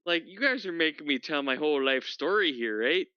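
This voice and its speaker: A man's voice: a little high, lively intonation, a little fast, clear, resonant tone, no room sound, highs cut off. A man from Minnesota chatting casually with fellow tabletop players, rambling and poking fun at himself. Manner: rambling, self-deprecating. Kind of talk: casual chat among gamers.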